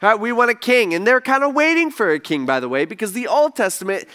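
A young adult man preaching a casual sermon, retelling a story in a conversational, animated way. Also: high-pitched, quick pace. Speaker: pastor.

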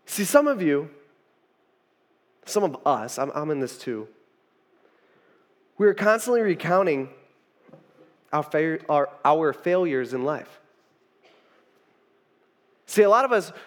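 A young man preaching as a pastor, retelling a story in a loose, conversational way with fillers and restarts. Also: high-pitched. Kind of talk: conversational sermon.

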